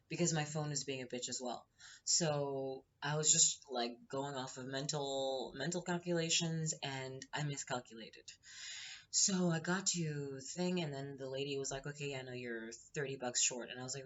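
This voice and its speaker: A woman's voice: rumbling low, steady tone, normal speed, muffled recording, slight background noise. A woman hosting her own show, retelling a story in a casual, heated and profane way, acting out the quotes. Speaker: podcast host.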